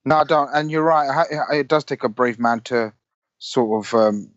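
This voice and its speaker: A man's voice: medium pitch, moderate pace, no room sound. A man chatting on a football podcast, rambling and sweary. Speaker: podcast panelist. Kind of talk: casual football banter. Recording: dry, muffled call audio.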